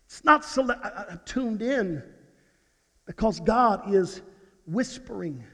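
A man's voice: high voice, lively intonation, takes it slowly. A male pastor preaching a sermon, with dramatic swings down to near-whispers and stammering restarts. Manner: dramatic dynamics, dropping to hushed near-whispers. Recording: reverberant hall.

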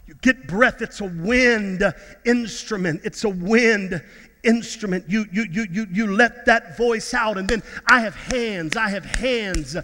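A fervent middle-aged male pastor preaches with a strikingly high, bright, forceful voice. He repeats words as he builds and slips into snatches of song. The sound carries a long reverb, as in a church sanctuary. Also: measured pace. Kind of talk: sermon.

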